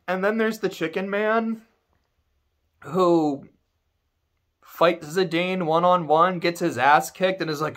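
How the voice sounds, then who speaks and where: A man's voice: sits high, slow, long pauses, fairly bright tone. A man giving a casual, sarcastic and profane rant as a video game reviewer.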